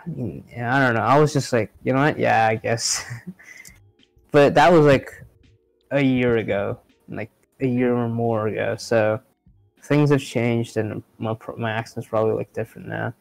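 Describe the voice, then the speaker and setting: A man co-hosting a laid-back podcast, with a gravelly, creaky edge to his mid-range voice. He rambles through his thoughts with plenty of fillers and lets his sentences fade out. The mic is close and dry, with faint music playing underneath. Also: medium pitch, measured pace, no room sound, rough recording. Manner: rambling, filler-heavy, trails off quietly. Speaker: podcast co-host. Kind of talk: casual chat.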